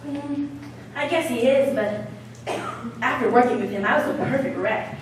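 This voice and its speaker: Teen girl plays a glamorous, vain actress: high, theatrical and affected, caught on a distant stage mic. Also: normal speed, a little hiss or hum, natural voice. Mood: arch. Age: teens. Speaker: student stage actor. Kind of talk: school stage play. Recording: echoey stage from far off.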